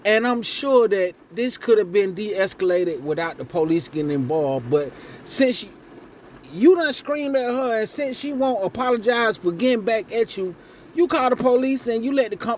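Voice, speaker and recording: A man's voice: very high-pitched, a little mellow, a little hiss or hum. A young man hosting a casual reaction vlog, blunt and profane, his voice rising when he gets indignant. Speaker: commentary vlogger.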